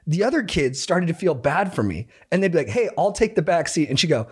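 A podcast co-host tells stories in casual conversation, animated and often laughing as he speaks. His voice is a little high, husky and brisk.

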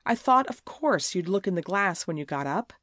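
A woman's voice: fairly low pitch, animated, moderate pace, a bit bright, no room sound, clean studio sound. A woman voicing a crafty, whining teenage schoolgirl who pleads and stammers tearfully in a storybook reading.

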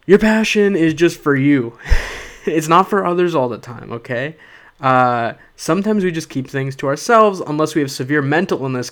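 A young man, a stand-up comedian, delivering a rambling, sarcastic comic monologue to his podcast listeners. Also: fairly high pitch. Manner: rambling, sarcastic, with frequent "uh" and "okay?".

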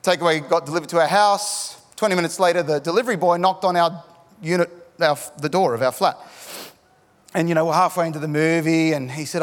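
In a large, echoey hall, a middle-aged Australian man delivers a sermon full of stories, animated and jokey, rising to shouts at the big moments. His voice is a touch high for a man, he speaks briskly, and the sound rings with a long echo.

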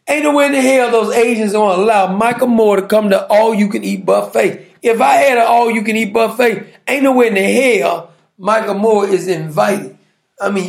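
High, gravelly man ranting. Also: roomy sound. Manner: brash, mocking, repetitive. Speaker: talk show host. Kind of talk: political commentary rant.

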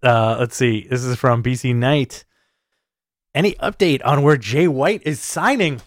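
A man's voice: medium pitch, a little slow, no room sound, clean studio sound. Laid-back man reading chat questions. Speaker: co-host reading viewer questions. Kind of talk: casual live-stream chat.

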